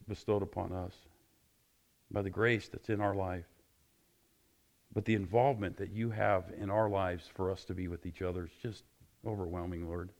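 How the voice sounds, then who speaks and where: Fervent male pastor preaching. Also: creaky. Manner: passionate, rising loud and high when excited. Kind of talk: sermon and closing prayer.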